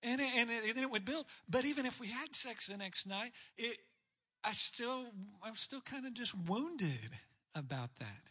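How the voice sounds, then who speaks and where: A man's voice: very high voice, expressive, moderate pace, pushed and bright. A man preaching a sermon on marriage, candid and self-deprecating in a conversational way. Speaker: pastor speaking on marriage.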